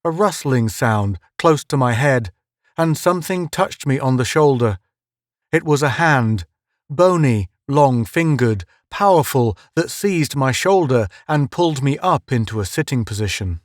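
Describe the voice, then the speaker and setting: A man narrating a first-person story for an audiobook in a measured, dramatic manner. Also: mid-range voice, expressive, dry recording, studio quality.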